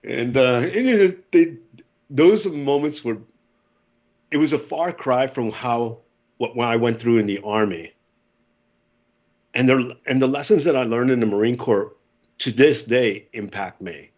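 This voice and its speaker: A man in his fifties from the United States, a podcast guest telling lively war stories and acting out the voices. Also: medium pitch, a little slow, long pauses, lo-fi sound. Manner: animated storyteller, acts out voices, laughs often. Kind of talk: casual storytelling.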